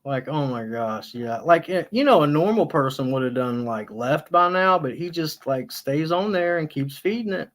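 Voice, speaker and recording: A man hosting a casual live stream, rambling and laughing a lot as he retells funny stories, sometimes jumping into high squealing impressions and swearing freely. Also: expressive, moderate pace, few pauses.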